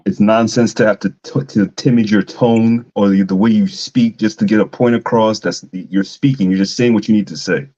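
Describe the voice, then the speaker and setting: A man on a podcast panel, making his argument in a measured way. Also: on the low side, steady tone, mellow, dull audio. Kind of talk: casual panel talk.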